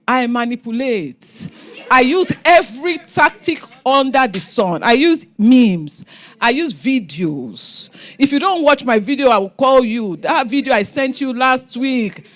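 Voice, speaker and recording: A middle-aged woman with a Nigerian accent, telling family stories on a panel and acting out what her relatives said. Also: fairly high pitch. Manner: animated, acts out family members' lines. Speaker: guest speaker. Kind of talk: storytelling on a panel.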